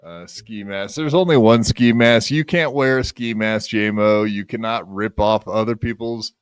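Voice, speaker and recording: A man's voice: fairly low pitch, measured pace, clean tone, no room sound. A man hosting a podcast in casual banter, joking and self-mocking, rambling with many fillers. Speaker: podcast host.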